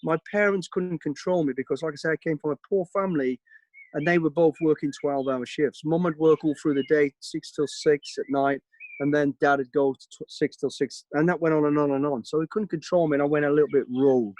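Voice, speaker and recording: A man from Birmingham with a Brummie accent, giving an energetic, plain-spoken talk to cadets over a video call. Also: fairly high pitch, a little fast. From Birmingham, England. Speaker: guest speaker.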